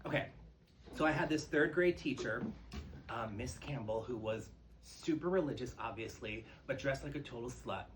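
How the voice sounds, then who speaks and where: A man doing a stand-up comedy set on a club stage, telling campy, profane stories with big swings in pitch and energy. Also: moderate pace, a little hiss or hum, rough recording. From New York. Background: audience laughter.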